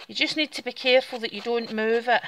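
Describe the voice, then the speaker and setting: A woman's voice: on the high side, steady tone, fast talker, a little hiss or hum. A woman with a Scottish Borders accent, chatting casually through a step-by-step craft demonstration while she works with her hands. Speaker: craft tutorial host.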